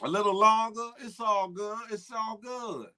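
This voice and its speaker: A man's voice: sits high, unhurried, pushed and bright. A man hosting a casual morning livestream, talking back to chat and repeating himself for emphasis. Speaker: morning show host reading live chat.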